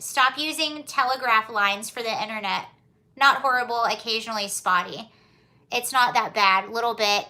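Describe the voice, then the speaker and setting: Bright, high-voiced chatty woman. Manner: chatty, reads viewer comments aloud and answers them. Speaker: livestream host. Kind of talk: casual livestream chat.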